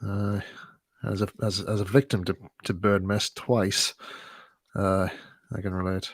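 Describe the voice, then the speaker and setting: A man's voice: fairly low pitch, flat delivery, measured pace, dry recording. A young man hosting a casual live chat, telling stories with plenty of giggles and restarts. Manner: giggly, rambling storyteller. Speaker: host.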